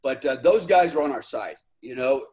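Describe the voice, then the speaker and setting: Man, american, casual chat, rambling, profane, lots of fillers, middle pitch. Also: animated, moderate pace, a little mellow. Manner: rambling, heavy use of "you know", profane.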